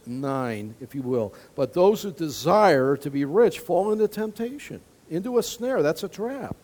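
Lively, chatty male pastor preaching. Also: a little high. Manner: conversational preaching with asides and laughs. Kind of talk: sermon.

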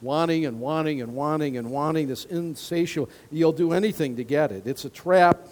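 A man's voice: a little high, moderate pace, darkish tone. A male pastor giving a conversational sermon to his congregation, mixing Bible quotes with personal stories and light laughter. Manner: conversational preaching with asides and laughs.

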